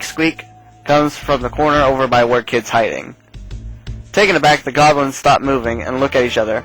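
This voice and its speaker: A man's voice: medium pitch, moderate pace, fairly bright tone, low-quality recording. Man narrating a text game. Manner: casual reading with asides. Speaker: let's play host. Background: faint game music.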